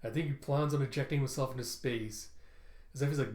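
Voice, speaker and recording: A man's voice: medium pitch, a little fast, a little mellow. A man casually retelling a comic book, using lots of "he's like" to set up lines. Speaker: comic reviewer. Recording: roomy echo.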